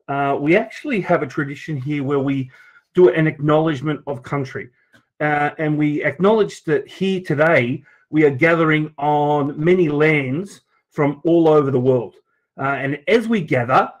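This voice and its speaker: An Australian man from Sydney giving an informal conference talk to teachers over a video call, chatty and jokey, with many fillers and restarts. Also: a little high. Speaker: teacher presenting at an education event. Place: at his desk, presenting over a video call.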